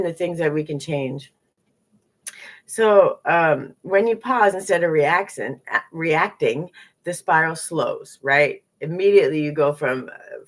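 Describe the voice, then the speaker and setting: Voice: medium pitch, a bit bright. Live-stream teacher, conversational and repetitive, asks lots of rhetorical questions. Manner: repetitive and conversational, often tags lines with "right?"; rhetorical questions in rapid strings. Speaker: spiritual teacher hosting a live lesson.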